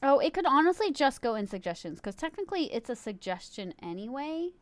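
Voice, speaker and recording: A woman's voice: sits high, sing-song, brisk, dry recording. A woman streaming live, chatting casually and giggling, swearing freely as she talks to her viewers and a friend in chat.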